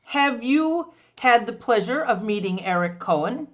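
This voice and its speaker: Female co-host, bubbly and teasing, bright lively pitch, muffled call audio. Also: measured pace. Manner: bubbly, teasing, sings little fanfares. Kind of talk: casual chat. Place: video call.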